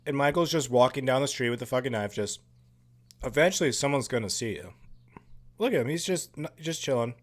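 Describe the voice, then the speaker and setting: A man giving casual, profane commentary over a horror film, excitable and full of jokey asides. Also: mid-range voice, brisk. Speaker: movie commentary host.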